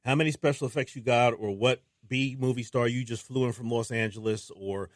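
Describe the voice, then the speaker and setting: A man, a filmmaker guest on a radio show, talking in a casual, animated way and acting out what people said to him. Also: medium pitch, fairly quick, no echo, studio quality. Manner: animated storyteller who acts out quotes. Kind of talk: casual interview talk. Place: radio studio.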